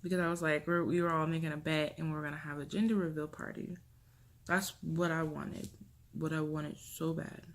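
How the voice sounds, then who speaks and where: A young woman vlogger telling a personal story to camera, emotional and halting, often trailing off softly. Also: deep voice, flat delivery, slight background noise. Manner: emotional, halting, with restarts and soft drops.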